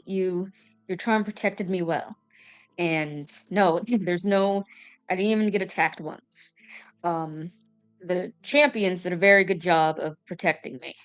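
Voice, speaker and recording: A woman playing a calm, slightly evasive young man who reassures others with hesitant, soothing words. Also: fairly low pitch, measured pace, soft background music, natural voice. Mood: reassuring.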